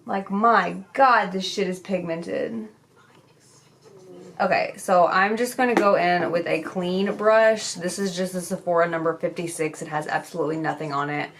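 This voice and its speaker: A woman's voice: lowish voice, fairly even intonation, normal speed, a little hiss or hum. A young woman chatting candidly as a beauty vlogger while she does her makeup, swearing casually as she goes.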